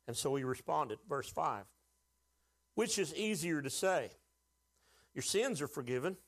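A man preaching a sermon, with folksy humor and call-and-response questions to the congregation. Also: on the high side. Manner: folksy humor, acts out quoted voices. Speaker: pastor.

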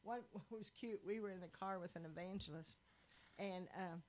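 A woman preaching a sermon, telling lively stories with laughter. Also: on the low side, normal speed, a little hiss or hum, low-quality recording. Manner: animated storytelling with laughs.

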